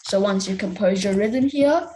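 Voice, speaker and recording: A woman's voice: mid-range voice, normal speed, mellow, a little hiss or hum, rough recording. A young woman teaching a music theory lesson in a casual, hesitant way, with many fillers and restarts.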